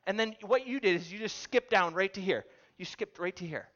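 A man preaching a sermon, telling a story with animated delivery and putting questions to his audience. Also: high voice, fairly quick, muffled recording. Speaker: pastor.

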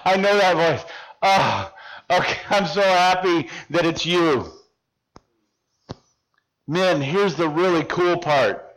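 Middle-aged male preacher, high voice, vivid storyteller who acts out the scene. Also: rough recording. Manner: animated storyteller, acting out dialogue, drops to hushed tones. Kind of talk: sermon with personal story.

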